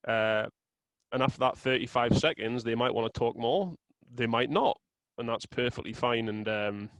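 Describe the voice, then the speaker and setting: A man guesting on an interview, explaining his approach in a steady, thoughtful way. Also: mid-range voice, dry recording, low-quality recording. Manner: measured, explanatory, with fillers and restarts. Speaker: guest, sales software co-founder. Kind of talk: casual interview chat.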